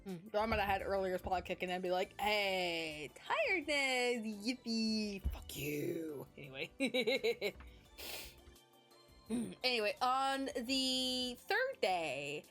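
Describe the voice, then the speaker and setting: A woman's voice: mid-range voice, big pitch swings, measured pace, a bit bright, soft background music. A young woman streamer chatting casually, rambling and giggly with lots of fillers, sleepy and yawning. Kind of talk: casual chat.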